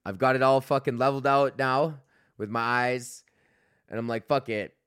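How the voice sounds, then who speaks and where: A man's voice: medium pitch, fairly even intonation, moderate pace, fairly bright tone, smooth, dry recording, studio quality. A young man hosting a podcast, telling a rambling, profane story full of fillers and laughing at himself. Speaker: podcast host. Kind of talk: casual storytelling rant.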